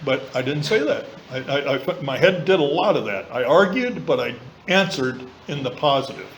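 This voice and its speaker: Man, recovery meeting talk, earthy colloquial speech, mild swearing, quoted voices, slightly high pitch, faint background hiss. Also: lively intonation, moderate pace, poor audio. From southern California. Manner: mimics voices of others in quoted lines. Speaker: AA meeting speaker. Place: meeting room.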